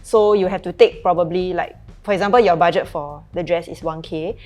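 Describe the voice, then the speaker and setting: A chatty Singaporean woman hosting a casual talk show. Her voice sits on the low side for a woman, with faint music behind her. She slips into lively quoted voices as she tells stories. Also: brisk. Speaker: host. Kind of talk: casual chat.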